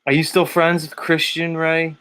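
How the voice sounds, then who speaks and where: A man's voice: fairly high pitch, monotone, moderate pace, fairly bright tone, clean tone. Laughing, profane man hosting a livestream. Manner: laughing, profane, teasing chat. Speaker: livestream host. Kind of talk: casual livestream chat. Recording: guitar music playing behind. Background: guitar music.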